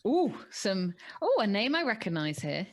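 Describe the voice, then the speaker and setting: A woman co-hosting a running podcast in casual chat, lively and quick to put on silly voices. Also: mid-range voice. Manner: chatty, animated, puts on silly voices when quoting. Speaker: podcast co-host.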